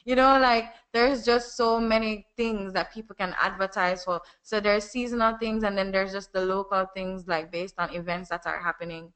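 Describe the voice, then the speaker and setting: A Jamaican woman chats in an animated, quick way, explaining her voiceover work in a relaxed interview. Her pitch sits in the middle range. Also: clean tone. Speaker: voiceover artist guest. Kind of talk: casual conversation.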